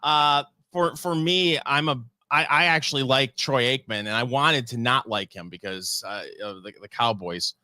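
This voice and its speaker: Man, bright tone, dry close sound, wry humor, casual football chat. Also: mid-range voice, moderate pace, few pauses, dry recording. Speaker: co-host.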